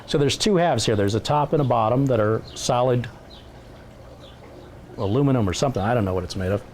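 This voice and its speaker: A man's voice: mid-range voice, darkish tone, slight background noise. A man hosting a live stream in a casual, chatty way, reading viewer messages aloud and joking at his own expense. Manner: self-deprecating joking.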